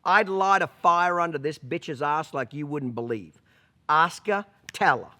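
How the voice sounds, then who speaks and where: A man's voice: on the high side, lively intonation, normal speed, sharp tone. A man telling a story as a horse trainer, blunt and profane, punctuating points with rhetorical questions. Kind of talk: storytelling vlog.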